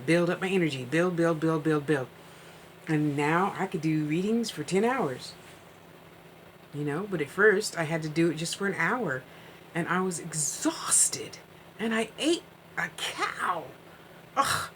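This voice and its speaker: A woman's voice: sits low, a little hiss or hum, poor audio. A woman hosting a live-streamed psychic reading, chatting casually and rambling with frequent asides.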